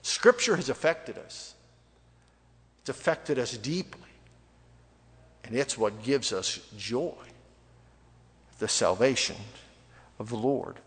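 A male pastor delivering a sermon in an animated, conversational way, swinging from loud emphasis to near-quiet asides. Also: medium pitch, takes it slowly, pauses often. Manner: animated, conversational preaching with sudden dramatic drops in volume. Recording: long reverb of a large hall.

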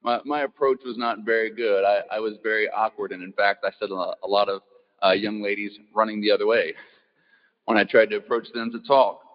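A man giving a relaxed, folksy talk, poking fun at himself and asking the audience questions. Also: lowish voice, fairly quick. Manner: easygoing, self-deprecating, asks the audience questions. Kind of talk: folksy talk opening with a joke. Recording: muffled sound in an echoey hall.

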